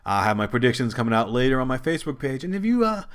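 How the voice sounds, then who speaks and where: The speaker is a man hosting his own wrestling show, chatting on his own for a long stretch. His delivery rambles and restarts a lot, stays animated, and jumps sharply higher in pitch whenever he quotes people.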